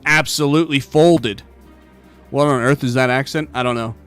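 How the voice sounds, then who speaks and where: A man's voice: mid-range voice, normal speed, fairly bright tone, faint music behind. A man giving casual, offhand commentary while playing a video game. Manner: offhand, muttering. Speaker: gamer.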